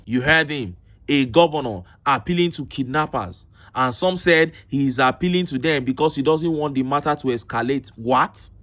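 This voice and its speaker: A man's voice: mid-range voice, moderate pace, fairly bright tone. A man with a Nigerian accent reading news reports and online reactions aloud, breaking in with indignant rhetorical commentary. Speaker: political commentator.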